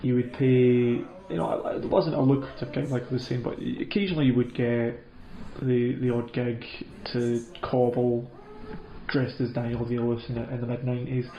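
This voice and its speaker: A man telling a comedic story in a rambling, deadpan way, full of hesitations and restarts. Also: mid-range voice, moderate pace. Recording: muffled, roomy recording.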